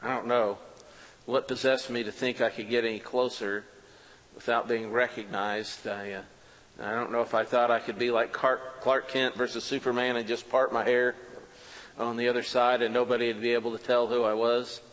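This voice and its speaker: A man's voice: medium pitch, level tone, normal speed, a bit bright, big-room sound, poor audio. A man performing a first-person dramatic monologue as a preacher, telling the story earnestly with self-mocking asides. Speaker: preacher performing a biblical character.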